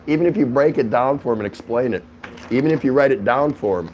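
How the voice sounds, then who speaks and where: A man's voice: mid-range voice, brisk, darkish tone, muffled recording, a little hiss or hum. A man hosting a casual livestream from his home, chatting with viewers, greeting them by name and laughing often. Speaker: livestream host.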